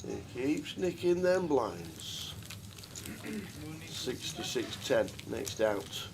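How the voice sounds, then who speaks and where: A man's voice: medium pitch, sing-song, drawn-out words, vocal fry, background noise. A man doing live poker commentary, chatty and jokey, with rambling asides. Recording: crowd chatter of a live card room.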